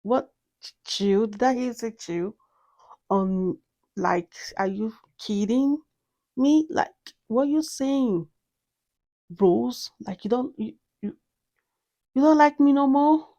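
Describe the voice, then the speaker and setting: A woman's voice: fairly high pitch, slow, long pauses, mellow, lo-fi sound, pitched above the performer's own voice. A woman voicing a bossy, sassy female rose perfume that pushes others aside. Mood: teasing. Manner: pushy, teasing, demanding.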